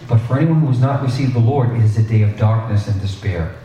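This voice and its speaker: A male pastor preaching a sermon in a conversational, animated way, with asides and restarts. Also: fairly low pitch, fast, slight background noise. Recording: echoey hall, distant mic.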